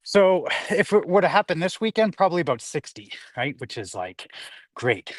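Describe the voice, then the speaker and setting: A man's voice: on the high side, big pitch swings, normal speed, dry recording. A man hosting a casual livestream while walking his dog outdoors. He rambles, reads viewer comments aloud and is slightly out of breath. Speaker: livestream host. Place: outdoors on a hillside street.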